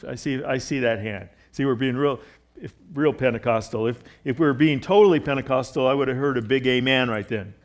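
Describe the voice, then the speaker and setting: A man's voice: medium pitch, brisk. Middle-aged man preaching conversationally. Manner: conversational preaching with jokes and stories, many restarts. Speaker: pastor. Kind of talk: sermon. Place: church.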